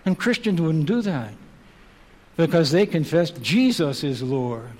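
A man's voice: on the high side, big pitch swings, unhurried, darkish tone. A man preaching a sermon, driving his points home with emphatic rhetorical questions. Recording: long hall reverb.

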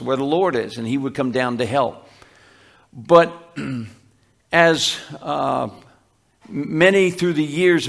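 A male pastor with a mid-range voice preaches a sermon, teaching patiently. He often restarts his sentences and slows down to quote scripture with emphasis.

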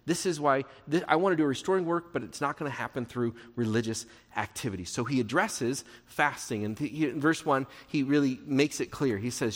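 A man's voice: on the high side, animated, a little fast, few pauses, big-room sound. A man preaching a sermon as pastor, explaining scripture and acting out the prayers he quotes.

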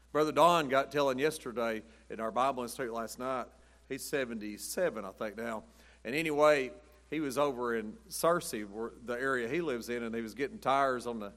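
With a medium-pitched, slightly bright voice, this middle-aged preacher tells meandering stories in a conversational sermon. He laughs along at his own jokes in a folksy storytelling style.

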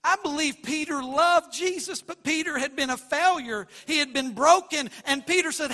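Male pastor, very high voice, sharp and bright, preaching with big swings in loudness, sermon. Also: moderate pace, hardly any pauses. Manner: preaching with big swings in loudness, from near-shouts to low murmurs; acts out Bible dialogue in quoted voices.

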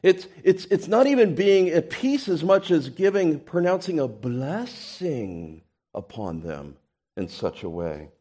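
Male pastor for a sermon. Animated, pitch swings widely, conversational with restarts and loud emphatic bursts. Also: a little slow. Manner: animated preaching with sudden loud emphatic peaks and soft asides; conversational, repeats words and restarts.

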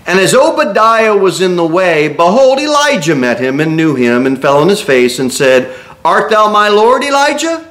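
A man's voice: high-pitched, normal speed. A man preaching an expository sermon in a church, reading scripture aloud and acting out the speakers he quotes. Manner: animated preaching, reads scripture aloud and acts out quoted speech. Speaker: pastor. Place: church sanctuary.

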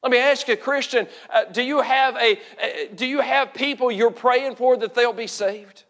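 A man delivers an earnest sermon in a high, bright-pitched voice, stretching out the words he wants to stress. He often repeats words as he builds each point. The sound rings with a long reverb, as in a large hall. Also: moderate pace. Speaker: pastor.

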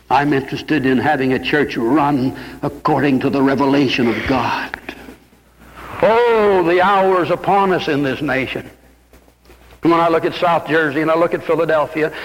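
A man's voice: long reverb tail, low-quality recording. An older man preaching an impassioned sermon from the pulpit, recorded as an old radio broadcast. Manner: impassioned preaching, rising to high exclamations. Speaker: pastor. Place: church.

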